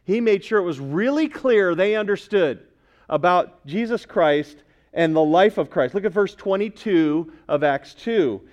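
A man's voice: high-pitched, expressive, unhurried, darkish tone, dull audio. A male pastor preaching a sermon in a conversational way, asking the congregation questions as he goes.

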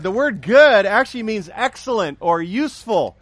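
A man's voice: high-pitched, animated, normal speed, hardly any pauses, a bit bright, dry recording. A middle-aged male pastor preaching a sermon, with emphatic repetition, joking asides and call-and-response with his congregation.

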